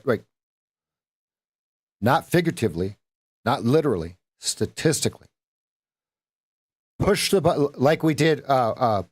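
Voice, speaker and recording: Speaking at a medium pitch with no echo, a man coaches his live-stream audience through trades as they happen. He rambles, keeps correcting himself, and tosses in playful sound effects as a trading coach giving market commentary.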